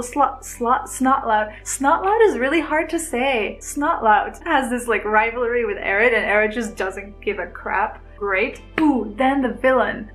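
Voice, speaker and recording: Giggly woman rambling excitedly to camera, kinda high voice, soft music under it. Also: rough recording. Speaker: vlogger reviewing a film. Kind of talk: casual chat to camera.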